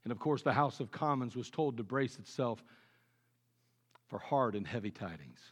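A man preaching a sermon with earnest conviction, dropping low and quiet on his key points. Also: lively intonation, moderate pace, breathy edge. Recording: long reverb of a large hall.

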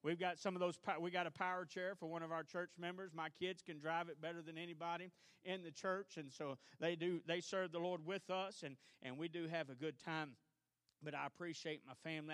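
Chatty preacher, higher voice. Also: male voice, fairly even intonation, fairly quick, fairly bright tone, no echo. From North Louisiana. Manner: chatty, self-deprecating, homespun asides. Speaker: guest preacher, assistant pastor. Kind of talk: folksy church sermon opening. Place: church sanctuary, live service.

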